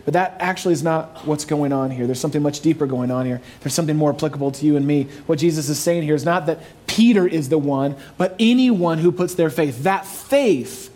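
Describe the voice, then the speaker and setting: A man preaching a sermon as pastor, emphatic and animated, with playful asides to his listeners. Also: fairly high pitch, a little fast, few pauses.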